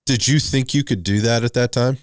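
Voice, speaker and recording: A man's voice: medium pitch, brisk, no echo, clean studio sound. A man hosting a podcast, mostly giving brief reactions and asking short questions. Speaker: podcast host. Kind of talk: interview listening.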